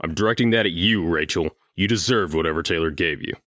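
A calm young gang leader, as a man acts him out, in an audio drama. He speaks in a very deep, measured tone and stays firm. The recording is dry and close. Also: no room sound.

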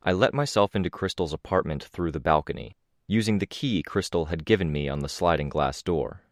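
A man narrating a first-person audiobook in a measured, even storytelling manner. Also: low-pitched, no room sound, studio quality.

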